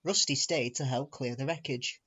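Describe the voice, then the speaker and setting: A man reading a children's railway storybook aloud in a measured, expressive way. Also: medium pitch, slightly rough, dull audio. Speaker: reader. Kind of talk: storybook narration.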